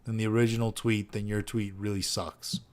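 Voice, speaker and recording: A man with a fairly low voice hosts a casual commentary podcast. He reads out online posts and rants at them, swearing freely and sounding exasperated. His delivery drifts between muttered asides and loud outbursts. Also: flat delivery, brisk. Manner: profane, exasperated ranting. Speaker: podcast host.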